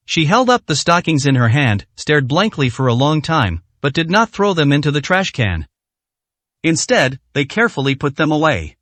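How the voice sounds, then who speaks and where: A man narrating a translated web novel story, reading every character's lines in the same steady narrating voice. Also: on the high side, no echo.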